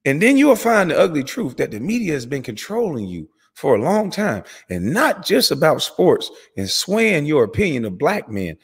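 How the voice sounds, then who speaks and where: A man's voice: very animated, breathy edge, big-room sound. A man delivering an angry, profane commentary rant as host of his channel. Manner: heated, profane, rapid swings in pitch and volume.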